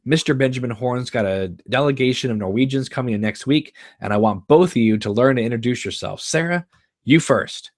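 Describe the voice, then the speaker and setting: A man's voice: dry recording, clean studio sound, close to an everyday voice. A man reading a screenplay aloud live and voicing a middle-aged father who clowns around in a big giant voice. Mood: eager. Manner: boomy and drawn-out, much higher and louder than his own voice. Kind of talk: live screenplay read-through.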